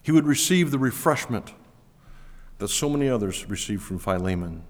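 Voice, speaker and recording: A man's voice: lively intonation, normal speed. Emphatic male pastor in a reverberant hall. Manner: emphatic, rising to stress key words, then dropping low. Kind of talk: sermon. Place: church auditorium.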